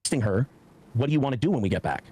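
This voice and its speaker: A man's voice: mid-range voice, expressive, very fast, dark tone, slightly rough. A man in his forties telling a heated personal story on a podcast, swearing often and acting out what others said. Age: 40s. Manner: profane, heated, acts out quoted speech.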